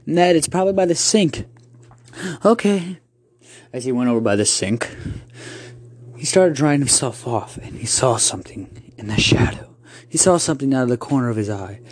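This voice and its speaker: A man's voice: mid-range voice, a little fast, no room sound. A man narrating a second-person horror story, rambling with restarts.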